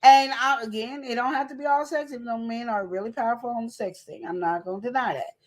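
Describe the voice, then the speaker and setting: A woman host with a high voice gives relationship advice in casual, slangy talk. She tells her stories with energy and acts them out as she goes. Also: quick pace. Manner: animated, slangy storytelling.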